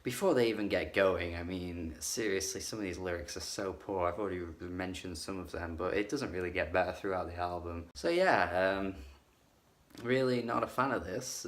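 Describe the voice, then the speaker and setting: A man with a somewhat low voice talks through an album review in a loose, casual way. He is blunt and critical, and he leans on fillers like "like" and "um" as he goes. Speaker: music reviewer.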